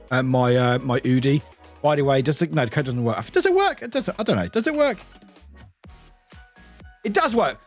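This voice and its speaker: A man from the UK, a streamer chatting casually and animatedly with his live chat from home. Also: fairly high pitch. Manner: animated, laughing, greeting chat by name. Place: home room.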